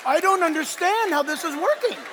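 A man voicing an excitable mall kiosk seller with a Hebrew accent, exclaiming amazed questions. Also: extremely high pitch, fast, creaky, a crowd in the background, background noise, exaggerated voice. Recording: echoey hall with audience.

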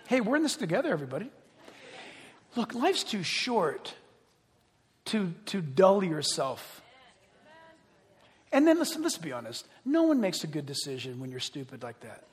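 Animated high-voiced preacher in a hall. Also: male voice, moderate pace, long pauses, husky. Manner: animated, joking, acts out voices of people. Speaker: pastor. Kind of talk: sermon.

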